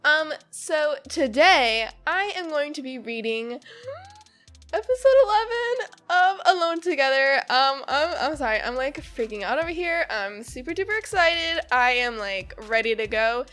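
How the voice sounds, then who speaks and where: A bubbly woman YouTuber with a notably high voice, gushing as she chats casually to her viewers. She giggles and restarts her sentences as she reacts to a webcomic, and faint music plays behind her. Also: expressive, unhurried, a bit bright. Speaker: YouTuber host.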